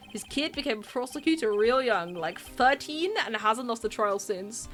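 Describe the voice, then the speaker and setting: Excitable british lady streaming a game, high bright voice, soft game music behind. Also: normal speed, few pauses. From United Kingdom. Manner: excitable, laughs often, voices characters. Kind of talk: live game playthrough, reading dialogue aloud.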